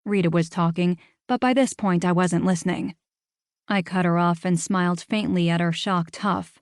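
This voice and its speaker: Woman narrator, mid pitch, wry first-person reading, dry studio sound. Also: fairly even intonation, normal speed, no echo. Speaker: audiobook narrator.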